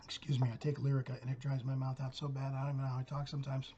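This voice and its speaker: A man's voice: medium pitch, completely flat delivery, rapid-fire, warm tone, muffled recording, slight background noise. A middle-aged man hosting his own channel, telling a story in a blunt, profane rant. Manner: blunt, gruff, cursing storyteller. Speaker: channel host.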